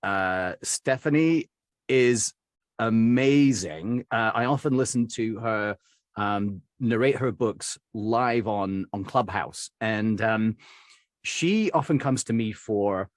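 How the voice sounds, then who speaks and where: A man's voice: fairly low pitch, slow pace, no echo, studio quality. A middle-aged man from Birmingham, England, answering interview questions as a dialect coach, rambling with many fillers and restarts. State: recovering from covid.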